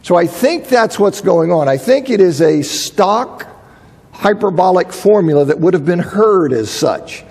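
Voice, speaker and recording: A man's voice: high-pitched, expressive, measured pace, darkish tone, husky. Emphatic male Bible teacher in a hall. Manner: emphatic, repeats phrases for emphasis. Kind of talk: Bible lecture.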